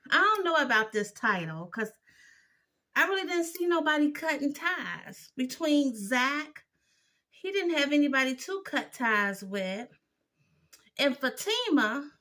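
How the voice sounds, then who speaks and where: A woman's voice: fairly high pitch, bright, forceful tone. A woman giving a blunt, opinionated recap of a TV episode, exasperated and sassy as she talks it through.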